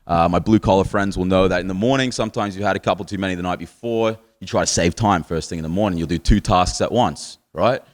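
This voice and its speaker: A young Australian man working a comedy stage with a stand-up set. His voice sits fairly low. He swears freely and mocks himself in easy, boozy banter with the audience. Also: fast talker, few pauses. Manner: swearing, boozy, self-mocking banter with the crowd.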